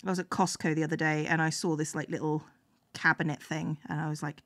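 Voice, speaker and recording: A woman hosting a live stream, with a lowish voice and a dry, matter-of-fact delivery. The sound is close and dead, with no room around it. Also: flat delivery, quick pace, fairly bright tone, dry recording. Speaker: streamer host. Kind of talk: casual chat on a live stream.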